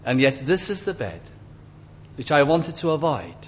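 An older man preaching and reminiscing gently, halting often as he recalls details, in a dull lo-fi recording. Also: fairly high pitch, sing-song. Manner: gentle, halting, with many fillers and restarts. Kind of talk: reminiscing sermon.

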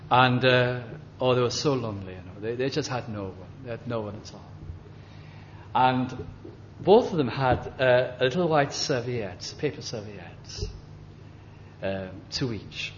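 An older man preaching and reminiscing gently, halting often as he recalls details, in a dull lo-fi recording. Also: mid-range voice, expressive, a little hiss or hum. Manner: gentle, halting, with many fillers and restarts. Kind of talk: reminiscing sermon.

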